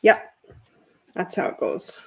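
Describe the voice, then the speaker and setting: A woman hosting a sewing livestream, chatting casually with viewers as she works and thinking out loud with fillers and restarts. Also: slow pace. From Canada.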